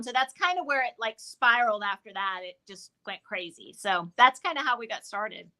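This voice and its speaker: A woman guest in casual chat about making goat milk soap, chatty and quick to laugh. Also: fairly high pitch, pushed and bright.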